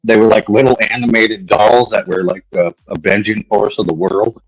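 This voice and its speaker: A man's voice: on the low side, level tone, normal speed, slightly rough, rough recording. A man co-hosting a casual livestream chat, explaining things bluntly and swearing freely. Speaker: co-host.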